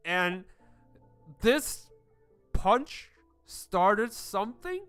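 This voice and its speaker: A man's voice: sits high, big pitch swings, extremely slow, fairly bright tone, smooth, no room sound, soft background music. A man narrating a tabletop game as game master, hesitant with many fillers.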